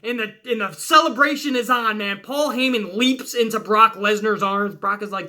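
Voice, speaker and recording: Host-type male, bright forceful voice, cursing through hype play-by-play of his dream match. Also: sits high, fairly quick, hardly any pauses. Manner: excited, swearing storyteller narrating moves blow by blow. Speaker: wrestling show host. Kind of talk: profane fantasy-booking play-by-play.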